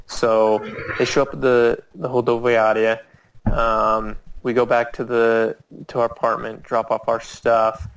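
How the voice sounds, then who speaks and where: A man's voice: flat delivery, unhurried, a little hiss or hum, poor audio. A man telling a rambling, restart-filled anecdote, his voice leaping up whenever he quotes someone. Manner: rambling with many restarts, jumps high when quoting people. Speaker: storyteller. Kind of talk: casual anecdote told to a small audience.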